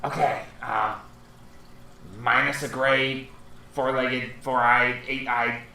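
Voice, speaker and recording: A man running a tabletop game as game master, narrating with animated, playful storytelling. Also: medium pitch, slow pace. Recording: echoey room, far from mic, noisy.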